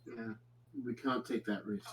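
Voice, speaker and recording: A man playing a tabletop game, speaking in a halting, cautious way while planning. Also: fairly low pitch, steady tone, breathy edge, low-quality recording. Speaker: player.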